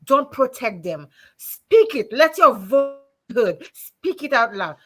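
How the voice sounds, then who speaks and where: A woman's voice: a little high, very animated, unhurried, sharp tone. A woman host on a talk show, speaking with passion and preacher-like repetition. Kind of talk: impassioned talk-show exhortation.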